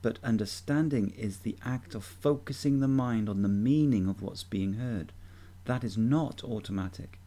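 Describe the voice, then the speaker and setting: A man giving a measured, deliberate instructional talk as a voice coach. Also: lowish voice, dark tone.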